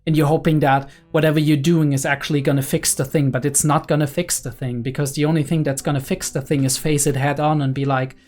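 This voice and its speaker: A young man giving casual anime reaction commentary, excited and analytical, often checking in with "right?" and filler "like". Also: a little high, quick pace, few pauses. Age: young adult.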